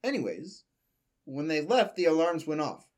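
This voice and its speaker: A young man gives a comedic read-aloud of a fan story, his voice sitting a little high. He stops now and then for joking asides and laughs with a friend. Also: very animated, moderate pace. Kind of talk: comedic dramatic reading.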